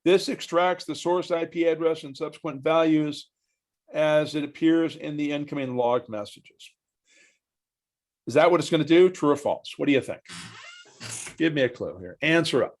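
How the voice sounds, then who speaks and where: A man's voice: a little high, moderate pace, a little mellow. Chatty male trainer guiding a class. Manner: chatty, asks the class questions, walks through steps aloud. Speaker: software trainer. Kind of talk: live online training session.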